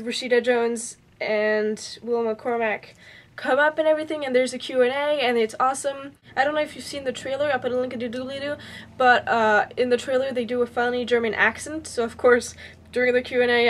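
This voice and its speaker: A woman's voice: a little high, fairly even intonation, fairly quick. A young woman chatting casually to her vlog camera, telling a story in a bubbly, chatty way. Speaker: vlogger.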